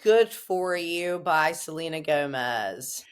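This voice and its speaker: A woman guest on an interview show, her voice sitting on the low side. She speaks slowly and emphatically, with a salty, streetwise edge. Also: animated, clear, resonant tone. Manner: profane, emphatic, streetwise delivery. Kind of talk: casual interview answers.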